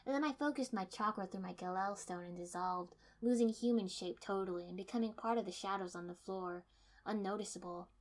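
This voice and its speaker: A woman's voice: mid-range voice, a little fast. Woman narrating first-person fiction.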